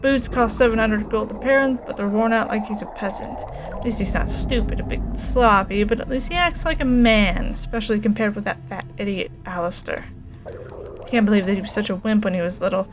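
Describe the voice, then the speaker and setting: A woman's voice: medium pitch, a little fast, music in the background, natural voice. A woman voicing a vain, spoiled young classmate with catty, dismissive thoughts.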